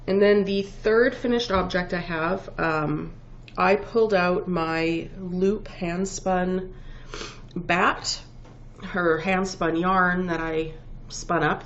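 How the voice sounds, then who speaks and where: Sniffling through a head cold, a woman hosts a casual knitting podcast, showing off her finished work in a rambling show-and-tell chat full of ums and self-corrections. Her voice is on the low side and gravelly. It's a dull lo-fi home recording with faint background noise.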